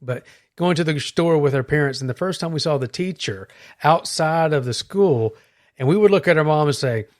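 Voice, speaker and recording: Male Christian podcast host, earnest and reflective, slightly high voice. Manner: earnest, reflective, slow emphasis. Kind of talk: casual chat.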